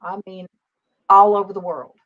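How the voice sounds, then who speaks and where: A woman's voice: medium pitch, fairly even intonation, normal speed. A woman in her fifties hosting a casual faith livestream, chatty and greeting viewers by name. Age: 50s. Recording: dull lo-fi stream audio.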